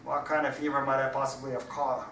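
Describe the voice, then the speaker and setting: A pedantic, easily offended parrot who lectures in exact words, as a man reads him out. The voice is bright and a little tense. It sounds roomy and distant, with a faint hiss behind it. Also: mid-range voice, little pitch movement, fast talker, natural voice. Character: fussy pedantic talking parrot, male. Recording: echoey hall, distant mic, faint hiss.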